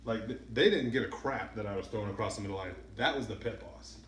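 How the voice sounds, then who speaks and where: A man's voice: fairly low pitch, quick pace, roomy sound, noisy background. A man talking casually while throwing dice at home, rambling between throws and counting results aloud. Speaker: craps vlogger. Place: indoors at a home dice-practice setup.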